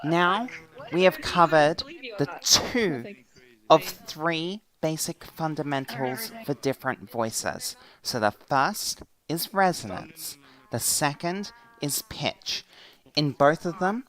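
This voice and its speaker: A young woman teaching a casual voice acting class, explaining slowly and deliberately and demonstrating voices along the way. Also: sits low, fairly bright tone, low-quality recording. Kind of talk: casual class lecture in a virtual world.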